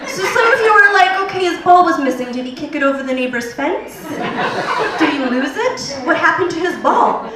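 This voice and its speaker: A woman in her thirties performing a stand-up comedy set, telling a profane story with animated acted-out quotes. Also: very high voice, moderate pace, crowd noise. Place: comedy theater stage. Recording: echoey club heard from a distance. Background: audience laughter.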